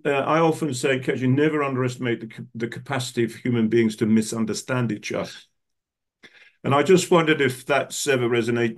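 An older man hosting a podcast, asking long, rambling questions and searching for his words. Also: medium pitch. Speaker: podcast host, coach. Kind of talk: conversational interview questions.

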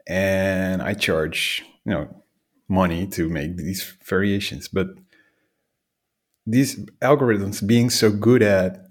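Male podcast host, very deep husky voice, easygoing conversational delivery. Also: steady tone, takes it slowly. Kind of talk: casual conversational interview.

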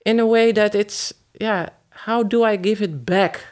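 A woman's voice: medium pitch, fairly even intonation, unhurried, a little mellow. A woman speaks as a guest in a casual podcast conversation. She is hesitant and searches for her words, often restarting her sentences as she thinks aloud.

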